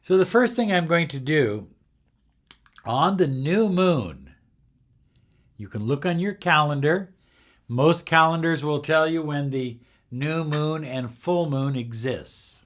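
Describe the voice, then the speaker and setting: A middle-aged man calmly demonstrating and explaining a spiritual ritual step by step, sometimes dropping to a soft, hushed voice. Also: fairly high pitch. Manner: calm, measured, drops to a soft near-whisper while demonstrating. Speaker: spiritual teacher.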